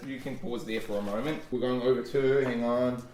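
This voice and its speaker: A man's voice: medium pitch, steady tone, fairly quick, a little mellow. Man narrating a tabletop game, distant. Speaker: game master. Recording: roomy, distant mic.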